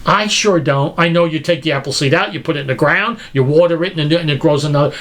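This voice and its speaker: A man's voice: fairly high pitch, quick pace, few pauses, a bit bright. A man preaching a lecture-style sermon, emphatic and full of rhetorical questions.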